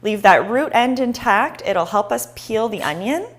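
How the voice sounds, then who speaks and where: A woman's voice: on the high side, lively intonation, a little slow. A woman hosting a live cooking show, chatting and encouraging viewers as she chops.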